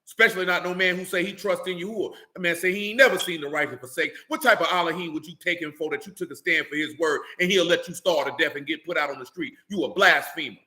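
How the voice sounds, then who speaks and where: A man preaching a fiery, blunt sermon, scolding his listeners with rhetorical questions and rising to shouts. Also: a little high, quick pace, few pauses, reverberant. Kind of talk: fiery street-style sermon.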